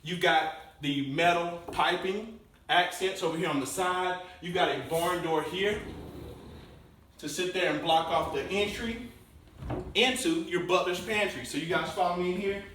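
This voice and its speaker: Upbeat home-tour host in echoey house. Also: male voice, steady tone, a little slow, a bit bright, distant mic, a little hiss or hum. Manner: enthusiastic salesman pitch, addresses viewers as guys. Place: inside a show home, bare rooms. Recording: very echoey room, voice from off the mic.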